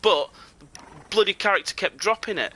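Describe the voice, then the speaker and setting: A man's voice: sits high, brisk, bright, forceful tone, no room sound. A young British man chatting casually and joking with viewers while he plays a game on a live stream.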